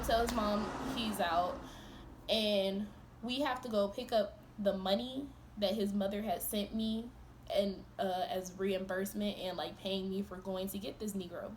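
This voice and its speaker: A young woman in a storytime vlog, retelling events in an animated, profane, exasperated way, breaking into laughs. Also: mid-range voice, background noise. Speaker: vlogger.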